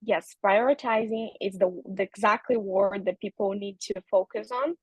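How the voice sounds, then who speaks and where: Gentle woman giving advice. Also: mid-range voice, fairly even intonation, normal speed, husky, dry recording, low-quality recording. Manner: gentle advising, many fillers like "you know". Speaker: guest, holistic nutritionist. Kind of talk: interview, advice.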